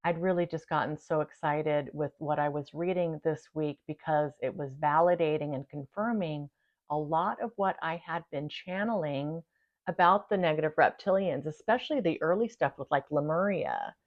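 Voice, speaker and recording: A woman hosting her own channel, chatting casually to viewers, laughing easily and thanking them warmly. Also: low-pitched, moderate pace, highs cut off. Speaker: channel host. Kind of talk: casual talk to camera.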